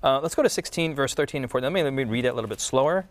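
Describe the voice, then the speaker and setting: A man's voice: mid-range voice, expressive, rapid-fire. A man hosting a casual religious discussion, thinking aloud with many fillers and restarts. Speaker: podcast host.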